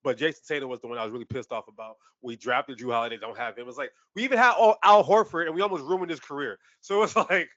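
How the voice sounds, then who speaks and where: A man's voice: medium pitch, fast talker, few pauses, no room sound, dull audio. A man co-hosting a sports podcast, talking casually with lots of swearing and laughter. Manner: animated, profane, laughs often. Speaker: podcast co-host.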